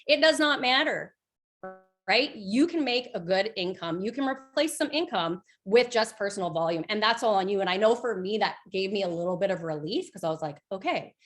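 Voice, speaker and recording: On a group call, a direct sales team leader in her thirties delivers a chatty, motivational talk with a medium-pitched voice. She tells lively stories and uses plenty of fillers.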